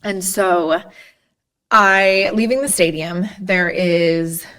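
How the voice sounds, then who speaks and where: A woman's voice: fairly low pitch, steady tone, slow pace, a bit bright. A woman from Indiana hosting a podcast, telling stories in a casual, chatty way full of "like" fillers. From Indiana, USA. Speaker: podcast host. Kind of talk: casual storytelling chat.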